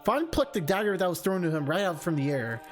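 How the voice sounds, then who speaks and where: A streamer reads a game's narration aloud with a lively, bouncing voice. They break into laughs and chatty side comments between passages. Faint game music plays underneath. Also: mid-range voice, fast talker. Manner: laughs often, chatty asides. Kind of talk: reading narration with live commentary.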